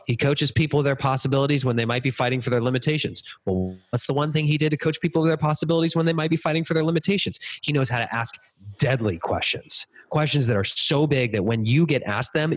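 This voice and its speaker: With a medium-pitched, slightly rough voice, this business speaker recounts a story as a podcast guest, full of energy and voicing other people's lines in a chatty interview.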